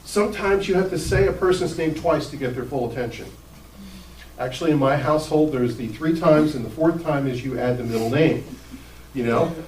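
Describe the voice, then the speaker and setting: Preaching conversationally, this pastor brings his story's characters to life with animated, acted-out quotes. He speaks briskly in a voice on the high side. Heard from a distant mic in a roomy hall, there's faint ambience and slight background noise.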